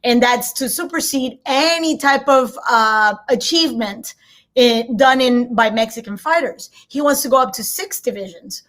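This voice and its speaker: A woman guest analyst giving opinions on boxing in casual, animated talk, now and then slipping in a Spanish word. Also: a little high, moderate pace. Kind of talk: casual chat.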